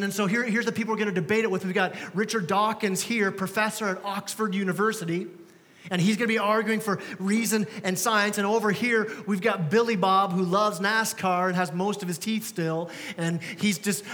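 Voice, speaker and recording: A man's voice: high-pitched, fairly even intonation, brisk, fairly bright tone, long reverb tail. A man preaching a sermon as pastor, conversational and joking at his own expense. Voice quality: conversational, self-deprecating humor. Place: church sanctuary.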